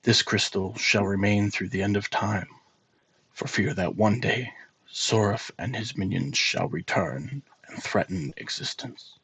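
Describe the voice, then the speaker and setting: A man voicing a very old male dwarf record keeper, speaking in a soft elderly voice with a grave, hushed manner. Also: fairly low pitch, unhurried, gravelly, breathy edge, full character voice, rough recording. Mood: solemn.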